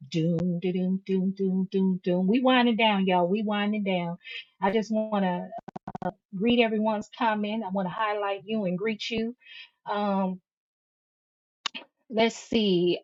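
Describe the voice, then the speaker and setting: A woman in mid range hosts a heated live stream, reading out comments and sparring with her critics. She keeps calling her listeners "baby" as she talks back. The sound is dull and lo-fi. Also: medium pitch. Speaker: livestream host reading viewer comments.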